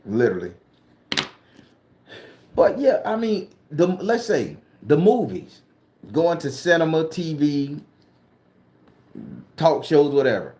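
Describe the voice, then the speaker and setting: A man from southern Florida rants to camera in a heated, profane, blunt way. His voice sits fairly high for a man but sounds dark and mellow, and the echoey room rings around it. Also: very animated, slow, long pauses. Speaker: spooky-story vlogger and tarot reader. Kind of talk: casual ranting monologue to camera.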